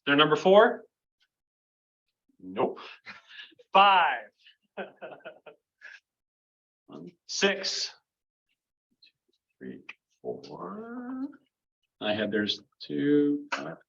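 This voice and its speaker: Bright-voiced man tallying workshop votes. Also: a little high, wildly swooping pitch, gravelly. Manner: brisk, counting votes aloud. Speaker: workshop facilitator. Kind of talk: live workshop exercise. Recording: dull lo-fi room recording.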